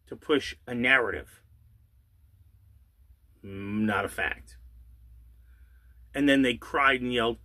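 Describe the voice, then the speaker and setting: This channel host's mid-range, somewhat bright voice carries a furious, sarcastic rant, peppered with rhetorical questions and a curse here and there. For emphasis, he stretches some words out slowly.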